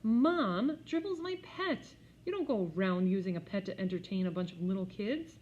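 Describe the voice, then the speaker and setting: A woman's voice: fairly low pitch, expressive, fast talker, dark tone, close to an everyday voice. A woman voicing an exasperated fourth-grade boy who complains in an indignant, whiny way, on a slightly dull recording.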